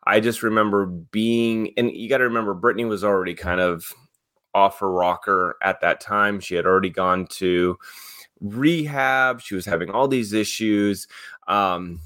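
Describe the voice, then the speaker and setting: Male co-host, low voice, blunt, swears freely, dry close sound. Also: fairly bright tone, no room sound. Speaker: podcast co-host. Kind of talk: casual chat.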